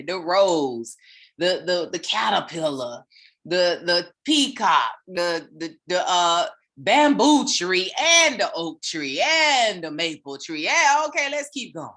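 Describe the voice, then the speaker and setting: A woman, giving a casual, animated sermon-style motivational talk as a spiritual teacher, with repeated phrases. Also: lowish voice.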